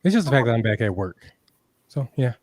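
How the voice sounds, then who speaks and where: Man co-host, relaxed and low-key, middle pitch. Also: a little fast, a little hiss or hum. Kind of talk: casual chat.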